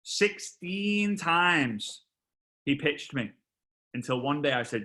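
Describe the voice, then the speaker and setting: A man in his thirties, a motivational speaker who tells a personal story with animated, repetitive emphasis to a live online audience. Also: on the high side, slow. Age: 30s. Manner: animated, exclamatory, repeats phrases for effect.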